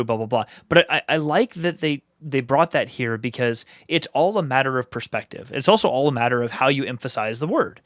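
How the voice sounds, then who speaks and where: A man's voice: mid-range voice, animated, quick pace, hardly any pauses, a bit bright, no room sound, clean studio sound. A man co-hosting a casual review podcast, talking things through in a thoughtful, reflective way. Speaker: podcast co-host.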